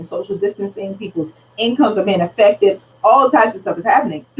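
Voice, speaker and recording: A woman pastor teaching a Bible study in an earnest, conversational way, retelling scripture in everyday speech. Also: mid-range voice. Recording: slightly distant mic, faint background noise.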